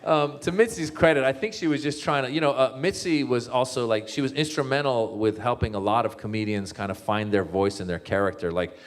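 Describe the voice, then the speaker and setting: A man's voice: a little fast, hardly any pauses. A male comedian tells a long story to a crowd. His voice sits mid-range, and it leaps up when he acts out his own reactions. He talks loosely, with plenty of restarts and fillers. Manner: animated, jumps up in pitch to act out his own thoughts. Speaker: comedian as guest speaker. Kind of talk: storytelling talk.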